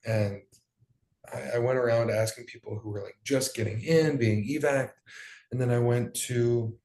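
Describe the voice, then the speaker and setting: A man's voice: mid-range voice, fairly even intonation, moderate pace, a little mellow. A young man giving an emotional personal account as an interview guest, in loose, profane storytelling with plenty of fillers. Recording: roomy echo.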